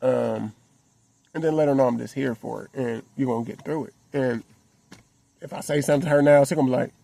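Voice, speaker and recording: This vlogger speaks briskly in a gravelly, mellow voice of medium pitch, addressing viewers from a parked car. It's a reflective, personal piece to camera, delivered in an earnest, heartfelt and conversational way, with "you know what I'm saying" coming up again and again.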